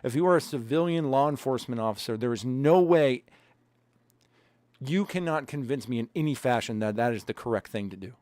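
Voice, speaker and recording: A man's voice: medium pitch, animated, brisk, a little mellow, no room sound. A man co-hosting a podcast, ranting angrily and swearing a lot as he argues his point. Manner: profane, angry, emphatic. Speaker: podcast co-host. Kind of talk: heated casual podcast rant.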